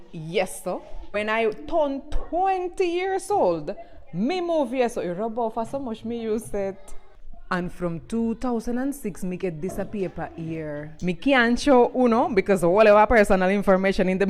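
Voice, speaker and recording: A Cuban-born woman in her forties who now chats in thick Jamaican patois, her R's rolling through every line. She talks straight to the camera, lively and playful, with a medium-pitched voice. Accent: Cuban-Jamaican patois blend. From Cuba. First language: Spanish. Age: 40s. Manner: animated, playful, rolled R's. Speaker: TikTok creator. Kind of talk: casual direct-to-camera chat.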